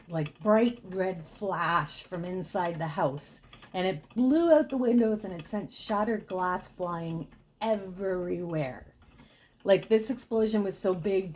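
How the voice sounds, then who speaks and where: A woman casually telling a gruesome true ghost story, dropping to a hush for the grisly details. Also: mid-range voice. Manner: chatty with dramatic hushed dips.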